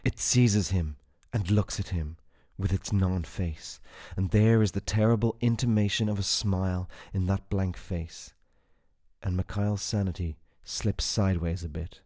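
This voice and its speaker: A man reading a fantasy story aloud in a measured, unhurried way. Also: low-pitched, fairly even intonation, mellow. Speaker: narrator. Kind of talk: audiobook fiction reading.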